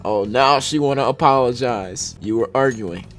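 A young man hosting a gaming channel, reacting excitedly with frequent laughter, slang and swearing. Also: medium pitch, normal speed, faint music behind. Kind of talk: casual game reaction commentary.

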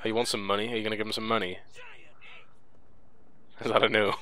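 A man's voice: on the low side, level tone, quick pace, pushed and bright. A man commenting as a friend plays a video game, dry and teasing. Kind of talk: casual let's-play chat.

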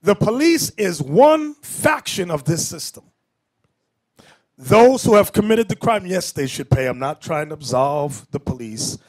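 This bishop's sermon is an emphatic lecture punctuated by spontaneous asides. The male voice, pitched a little high, rises and falls widely in a sing-song way, at a measured pace with a darkish tone.

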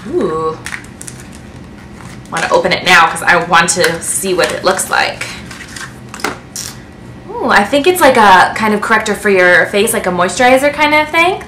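Woman, beauty vlogger, gushing and excitable, bright tone, echoey room. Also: medium pitch, moderate pace, pauses often, slight background noise. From United States. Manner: gushing, excitable, breathless with delight. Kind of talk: casual unboxing chat to camera.

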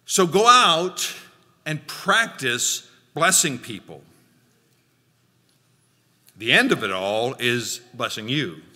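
Bright-voiced preacher man in reverberant church. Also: mid-range voice, sing-song. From Alaska. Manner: emphatic, repeats key phrases, slows down to stress points. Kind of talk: sermon. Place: church sanctuary.

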